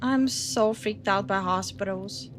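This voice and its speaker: A woman's voice: medium pitch, measured pace, soft background music. A woman gaming streamer giving casual let's-play commentary, nervous and jumpy as she plays a scary game at home.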